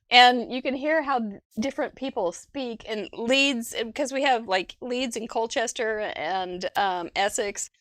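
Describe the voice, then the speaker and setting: Woman host gushing over craft cards, a bit high voice, dry close sound, laughs a lot. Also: dry recording. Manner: chatty, enthusiastic, laughs often. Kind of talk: casual chat reviewing viewer crafts.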